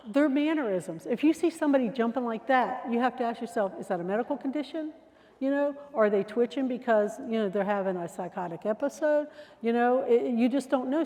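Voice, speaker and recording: A woman's voice: on the high side, a little mellow. A woman giving a security training presentation in a chatty, conversational way, sometimes acting out example phrases. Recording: long hall reverb.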